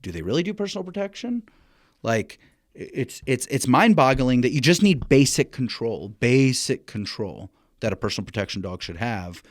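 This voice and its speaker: A man telling stories as a guest on a casual podcast about dog training, animated and blunt, swearing freely and restarting his sentences. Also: mid-range voice, moderate pace, no echo, studio quality.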